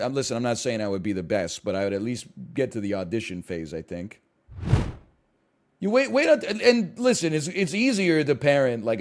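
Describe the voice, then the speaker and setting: A man's voice: medium pitch, a little mellow. A man streaming and chatting casually, rambling, sarcastic and profane, with frequent stammers and restarts.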